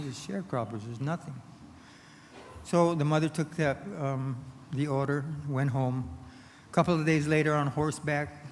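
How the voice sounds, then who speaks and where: A man giving a recovery meeting talk, earnest storytelling that moves between hushed and emphatic, in a meeting hall. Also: on the high side. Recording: long hall reverb, faint noise.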